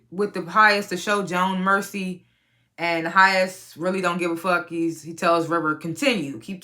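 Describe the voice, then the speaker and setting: A woman casually recapping a TV episode, profane and animated, often laughing and acting out the characters' lines. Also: mid-range voice. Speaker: TV recap reviewer.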